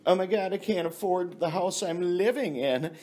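A man putting on a high, whiny falsetto to mock an adult woman, in a sing-song manner. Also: moderate pace, warm tone.

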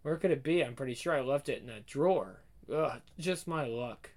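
A man's voice: mid-range voice, animated, moderate pace, natural voice. A man voicing a flustered, anxious middle-aged mother, talking to herself in a frantic inner monologue. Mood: irritated.

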